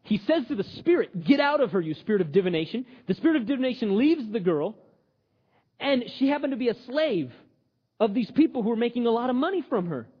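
A man preaching a sermon in a lively, joking, conversational way. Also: very high-pitched, a little fast, slightly rough. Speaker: pastor. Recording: dull audio with long hall reverb.

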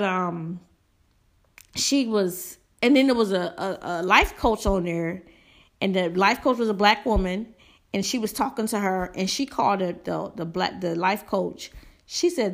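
A woman hosts a casual commentary podcast in a sassy, emphatic way. She is chatty and candid, restarts her sentences often and drifts into asides as she thinks out loud. Her voice sits at an ordinary middle pitch for a woman. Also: measured pace. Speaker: podcast host.

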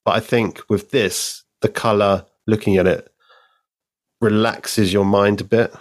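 Deep-voiced, measured male podcast guest. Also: steady tone, no echo, clean studio sound. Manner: measured, thoughtful, drawn-out phrasing. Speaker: podcast guest, co-host of another show. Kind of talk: casual chat about comics.

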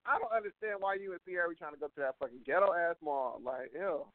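A man's voice: fairly high pitch, fast talker, no room sound. A man co-hosting a podcast, chatting in an opinionated, casual way with many fillers. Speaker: podcast co-host. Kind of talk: casual chat. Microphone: phone call. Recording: tinny phone-line sound.

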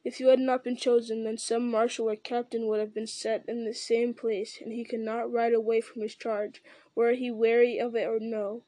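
A stern, resolute lord speaks gravely and with measure, voiced by a woman reading a story aloud. The voice sits fairly high and stays flat in pitch. The sound is dry and close. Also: moderate pace, dry recording, lightly acted, low-quality recording.

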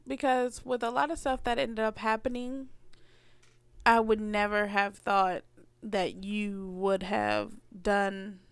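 A woman's voice: medium pitch, creaky, a bit bright, clear, resonant tone, no room sound. A woman co-hosting a podcast, telling a story in a blunt, casual way with some swearing. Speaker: podcast co-host. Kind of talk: casual chat.

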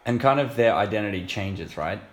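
A man's voice: fairly low pitch, lively intonation, a little fast, slight background noise. A man co-hosting a casual podcast in an easygoing, joking way. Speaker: podcast co-host. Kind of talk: casual chat.

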